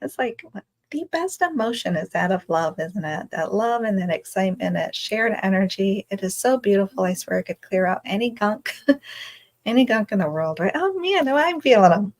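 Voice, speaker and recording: A woman's voice: mid-range voice, lively intonation, normal speed, a little mellow, rough recording. Bubbly woman hosting a self-care livestream. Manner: bubbly, effusive, greets viewers, reads comments aloud. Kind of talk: casual livestream chat.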